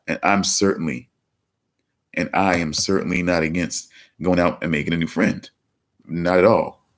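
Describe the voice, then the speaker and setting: A man's voice: low-pitched, steady tone, normal speed. A man hosting a casual livestream, rambling with many restarts and repeating himself. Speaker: livestream host.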